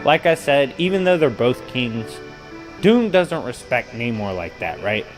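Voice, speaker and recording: Hosting a casual video, an animated man recounts comic-book stories with plenty of slang, laughing along at the funny parts. His pitch rises and falls in a lively way, though his pace stays measured. Faint music plays low underneath, and the recording quality is low.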